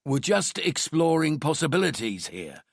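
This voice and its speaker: A man voicing a decisive male detective inspector briefing his team in a measured, firm way. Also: fairly high pitch, sing-song, gravelly, breathy edge, no echo, clean studio sound, voice pushed up, full character voice. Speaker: police team leader.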